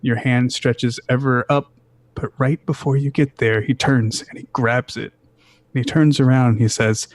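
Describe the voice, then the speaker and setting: A man's voice: mid-range voice, steady tone, moderate pace, dry recording. A man narrating as game master of a tabletop game, stumbling and restarting as he describes scenes. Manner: rambling, many restarts.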